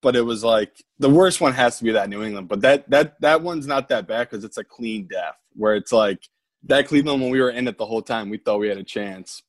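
A man co-hosting a podcast, talking sports bets in a relaxed, matter-of-fact way. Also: mid-range voice, fairly quick, dry recording. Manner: laid-back, calls people buddy and man. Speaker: podcast co-host. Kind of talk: casual sports betting chat.

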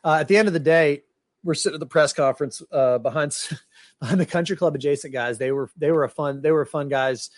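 A man's voice: a little high, fast talker, dry recording, clean studio sound. A man co-hosting a casual golf podcast, rambling through stories and acting out what people said. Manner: rambling storyteller, acts out quotes. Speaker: podcast co-host.

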